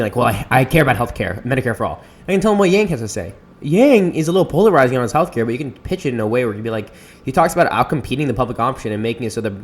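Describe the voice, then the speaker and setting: A man talking quickly through a casual podcast monologue. His voice sits at an ordinary middle pitch. He rambles, stops himself mid-word and restarts, and leans on lots of fillers. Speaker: podcast host. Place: Seattle area.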